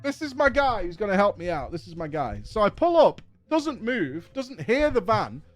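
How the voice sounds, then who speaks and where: A man streaming games, telling an exasperated anecdote in an animated, profane way. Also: high-pitched, normal speed, faint music behind. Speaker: gaming streamer. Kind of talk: casual anecdote on a live stream.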